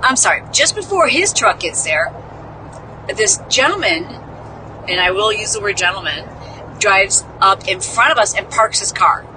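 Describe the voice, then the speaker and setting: A woman's voice: mid-range voice, animated, moderate pace, background noise. A woman from the Midwest, a podcast host, telling a story in a casual, chatty, self-mocking way and acting out the people she quotes.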